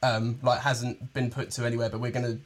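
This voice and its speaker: A young man being interviewed as a guest musician, talking in a relaxed, hesitant way with many fillers. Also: mid-range voice, brisk. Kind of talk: casual interview.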